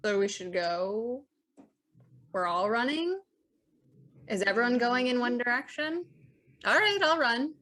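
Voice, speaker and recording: Woman at a dnd table, bright higher voice, blunt and laughy. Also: expressive, unhurried, pauses often. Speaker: player. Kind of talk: casual tabletop play.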